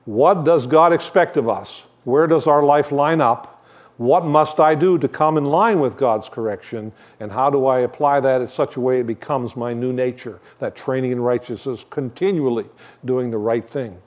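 A man's voice: mid-range voice, moderate pace. An older man giving a sermon as a guest preacher, talking in a conversational way with joking asides while he shows shepherd props.

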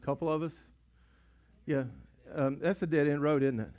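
A high-voiced man preaches a sermon from the pulpit, his drawl coming through clearly. He swings between quiet, close asides and loud, repeated rallying lines to his congregation. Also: steady tone, moderate pace, lo-fi sound. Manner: preaching in swells from hushed to shouting, repeats words. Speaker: pastor. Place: church sanctuary. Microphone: pulpit mic.

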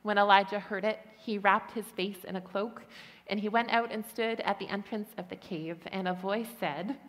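A woman giving a gentle, earnest sermon, telling a story with touches of light humor. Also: mid-range voice, normal speed. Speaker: preacher. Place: church hall. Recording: long hall reverb.

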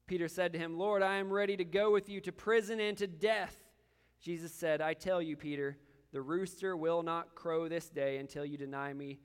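High-voiced man preaching in a reverberant hall. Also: smooth. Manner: earnest, repeats words when stressing a point. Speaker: pastor. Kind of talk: sermon.

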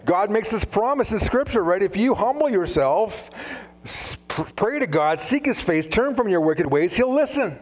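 A man preaching a sermon as pastor, conversational and animated, full of asides. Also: sits high, normal speed.

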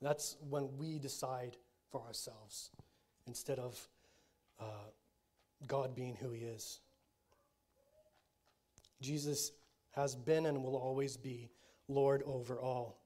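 A man preaching a sermon. He talks with his congregation, often checks in with them, and moves between quiet, low statements and loud, emphatic declarations. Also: steady tone, takes it slowly, long pauses. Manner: conversational preaching with frequent check-ins to the congregation. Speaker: pastor.

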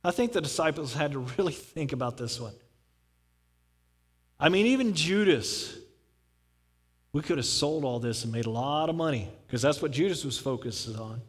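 A man preaching a sermon in a casual, animated storytelling way, acting out dialogue. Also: on the high side, normal speed, long pauses. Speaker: pastor. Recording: long reverb from a large hall.

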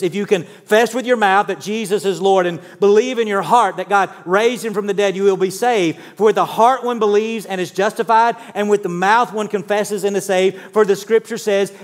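A man's voice: sits high, big-room sound. A man, preaching a sermon in a conversational way and often asking the congregation questions. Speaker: pastor. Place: church sanctuary.

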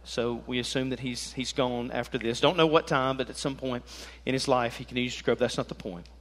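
A man preaching an animated sermon as pastor, joking and swinging between loud and soft. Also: mid-range voice, fairly quick.

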